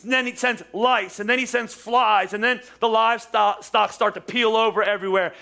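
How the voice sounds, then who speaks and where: Bright-voiced, animated pastor preaching. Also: male voice, very high voice. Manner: conversational, animated storytelling with asides. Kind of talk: sermon.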